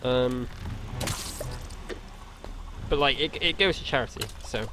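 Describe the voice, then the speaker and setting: A man's voice: mid-range voice, slow pace, background noise. A young man chatting casually while streaming a game, rambling and hesitant with frequent ums. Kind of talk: casual chat while gaming. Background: game music.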